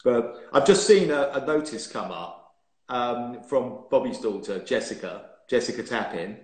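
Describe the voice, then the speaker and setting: A former racing driver in his fifties guests on a live stream, swapping stories with plenty of laughter and teasing. His mid-range voice moves a little slowly, picked up by a phone or laptop mic in a roomy, echoey space.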